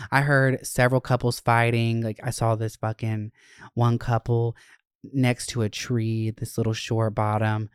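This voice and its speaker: A young man hosts his podcast, telling a casual story in a loose, animated way. His talk is chatty and full of swearing. The recording is dry, with no room echo. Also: medium pitch, clean tone. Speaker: podcast host.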